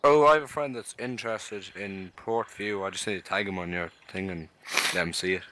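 A man's voice: on the low side, fairly quick, bright, forceful tone. A man on voice chat with friends, stammering a little and asking the same questions over and over. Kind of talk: casual chat among friends.

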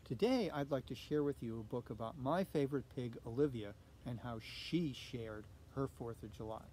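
A man reading a children's picture book aloud for a church, friendly and expressive as he tells the story. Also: medium pitch, normal speed, slight background noise.

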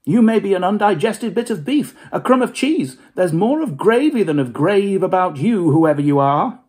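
A man doing a shrill, cranky old miser. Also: expressive, moderate pace, a little mellow. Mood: scoffing.

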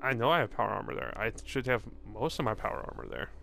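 A man's voice: fairly low pitch, wildly swooping pitch, quick pace, gravelly, bright, forceful tone, soft background music. A man casually commenting while playing a video game, rambling and joking and swearing now and then. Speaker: gaming video host. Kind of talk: casual let's-play commentary.

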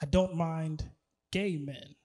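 A man performing a stand-up comedy set on stage, animated, laughing and shouting at his punchlines. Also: on the high side, slow pace. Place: comedy stage before a live audience.

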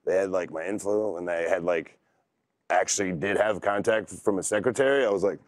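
A man's voice: deep voice, normal speed, dry recording. A man in his thirties telling stories in a laid-back, rambling way as an interview guest. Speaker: wrestler guest. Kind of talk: casual interview talk.

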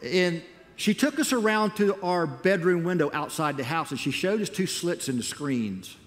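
A man's voice: a little high, normal speed. Storytelling male preacher in a reverberant hall. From United States. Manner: animated, acts out his own past words. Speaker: missionary speaker. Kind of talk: sermon storytelling. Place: church auditorium. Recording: long reverb in a large hall.

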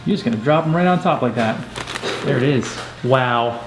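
A man's voice: medium pitch, animated, normal speed, background noise. A man hosting a family vlog in a home kitchen, joking and chatting casually. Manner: playful, joking. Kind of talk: casual chat. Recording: roomy sound with background music.

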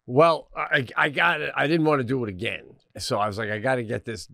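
A man co-hosting a podcast in casual chat, telling animated stories with shouted acted-out bits. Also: medium pitch, a little fast, vocal fry, no room sound, studio quality. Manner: laughs often mid-story. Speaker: podcast co-host.

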